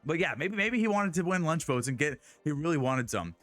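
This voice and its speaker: A man's voice: fairly high pitch, animated, brisk, fairly bright tone, no echo, soft background music. Rambling young man telling a story. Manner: rambling, many restarts and laughs. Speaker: streamer. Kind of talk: casual storytelling chat.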